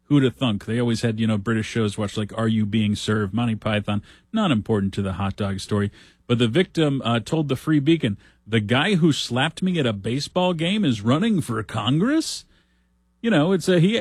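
A man's voice: fairly low pitch, darkish tone, dry recording, studio quality. A man hosting a talk show, reading news stories aloud with wry, sarcastic asides in a casual commentary style.

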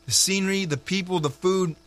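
Guy hosting local radio, jokey and chatty, kinda high bright voice. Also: brisk, slight background noise. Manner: chatty, joking asides. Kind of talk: casual radio chat with announcements.

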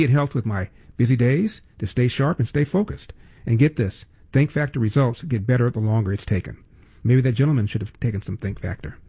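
A man's voice: medium pitch, dark tone, slightly rough. An older man hosting a talk radio show, speaking in a monologue and mocking callers with whiny impressions.

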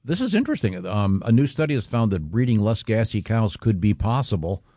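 Low-voiced halting radio host man. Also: sing-song, warm tone, no room sound, studio quality. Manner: halting, full of uh and restarts. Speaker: morning radio show host. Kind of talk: casual studio banter. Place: radio studio.

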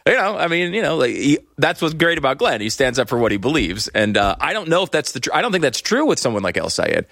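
A man's voice: medium pitch, very animated, fast, creaky, fairly bright tone, dry recording, clean studio sound. A man hosting a casual political comedy podcast, sarcastic and laughing often. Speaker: podcast host.

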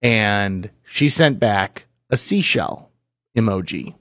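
A man's voice: on the low side, animated, slow, fairly bright tone, no room sound, muffled recording. A man co-hosting a radio show, telling stories in casual, playful banter. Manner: storytelling, playful. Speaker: radio co-host.

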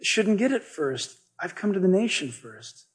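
A man preaching voices a kindly male teacher who speaks softly and tenderly. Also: high-pitched, very animated, measured pace, breathy edge, heavily acted.

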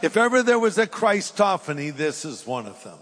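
A man's voice: fairly high pitch, sing-song, normal speed, fairly bright tone, long reverb tail, a faint crowd. A middle-aged man preaching a sermon, reading scripture aloud and then pressing his points with emphasis. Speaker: pastor.

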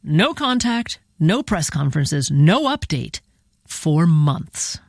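A woman hosting a radio program, narrating a scripted news segment in a measured, deliberate way. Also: low-pitched, big pitch swings. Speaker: radio host. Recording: music bed behind voice.

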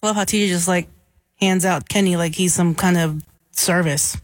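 A woman's voice: lowish voice, steady tone, moderate pace, dry recording, studio quality. A woman co-hosting a morning radio show, cracking playful jokes at the others. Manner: playful, wisecracking. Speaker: radio co-host.

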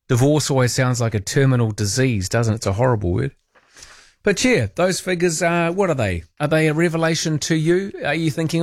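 A man's voice: medium pitch, lively intonation, fairly quick, no room sound, clean studio sound. A man with a New Zealand accent hosting overnight talk radio, chatty and wry, asking listeners questions. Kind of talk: casual radio chat. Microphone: studio microphone.

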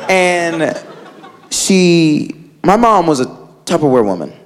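A man doing stand-up comedy, telling an animated story and acting out his family's voices, recorded live in a club. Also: fairly high pitch, normal speed. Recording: live club with audience laughter and noise. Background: audience laughing.

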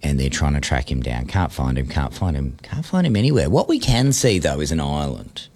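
A man co-hosting a radio show who tells a story with playful suspense. His voice is very deep and swings widely in pitch. His delivery is casual and chatty. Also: fairly quick. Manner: animated, playful, builds suspense. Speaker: radio host.

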